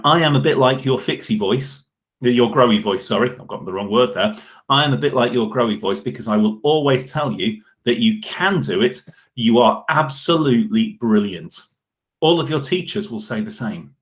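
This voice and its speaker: A man leading a school assembly, speaking directly to children in an encouraging, upbeat way. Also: fairly low pitch.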